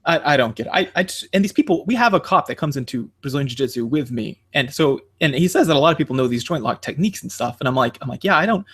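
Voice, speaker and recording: Man co-hosting a casual podcast, brisk, rambling and animated. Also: mid-range voice, husky. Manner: rambling, many fillers and restarts; animated, jumps into quoting others. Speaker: podcast co-host. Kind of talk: casual chat.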